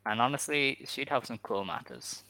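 A man's voice: medium pitch, animated, pushed and bright, dry recording. A man co-hosting a podcast in casual chat, opinionated and full of "like" and "um" asides. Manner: opinionated, quick asides with frequent "like" and "um". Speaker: podcast co-host.

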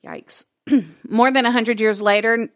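A woman's voice: a little high, steady tone, slow, dry recording. A woman co-hosting a casual podcast, reading an article aloud, stumbling over words, laughing and swearing casually along the way.

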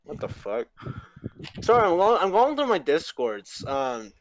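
A man co-hosting a casual podcast, excitable and quick to swear and laugh. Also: a little high, no echo. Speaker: podcast co-host. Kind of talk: casual chat.

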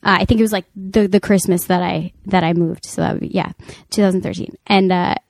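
A woman in her thirties, co-hosting a podcast and telling a family story in casual chat, animated and full of fillers and restarts. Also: fairly low pitch, brisk, vocal fry, dry recording, clean studio sound. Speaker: podcast co-host.

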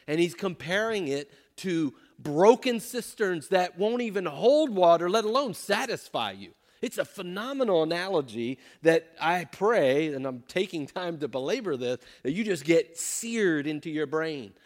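Give me a man leading a Bible lesson, emphatic, with a slightly high voice. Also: lively intonation, normal speed. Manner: emphatic, asks the group questions. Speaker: pastor or Bible teacher. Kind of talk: interactive Bible teaching.

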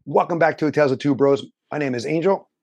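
A man's voice: a little high, quick pace, noisy background. A man co-hosting a review podcast with his brother, chatting enthusiastically and running through cast and credits. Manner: lists credits, talkative, enthusiastic. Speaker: podcast co-host reviewing shows. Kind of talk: casual review chat.

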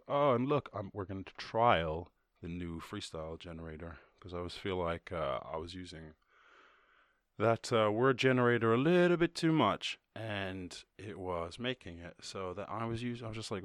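A man's voice: deep voice, no room sound, clean studio sound. Rambling, swearing Irish man. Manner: rambling, swears a lot, laughs at himself. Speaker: podcast host. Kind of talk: casual chat and freestyle rap.

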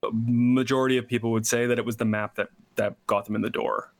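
A man being interviewed as a game developer, explaining his work in a measured, level way. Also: mid-range voice, little pitch movement, no room sound. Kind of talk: casual interview chat.

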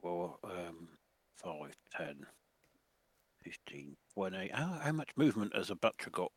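A man's voice: low-pitched, very animated, measured pace, husky. A man playing a tabletop game, talking in a hesitant, methodical way. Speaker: player.

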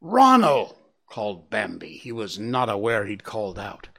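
A man narrating a story aloud in an expressive audiobook style. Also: on the low side, moderate pace, creaky.

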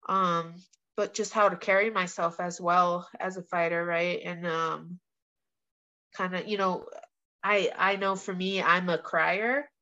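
A woman's voice: on the low side, measured pace. Candid young woman, slightly muffled audio. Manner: candid, animated storytelling with frequent "like" and swearing. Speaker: guest, professional fighter. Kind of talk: casual interview chat.

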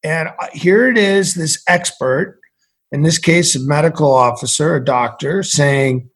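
A middle-aged man from central Massachusetts with a husky voice set a little high. He tells stories in an animated, lively way as a podcast guest. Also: a little slow. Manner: animated storyteller. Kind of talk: storytelling conversation.

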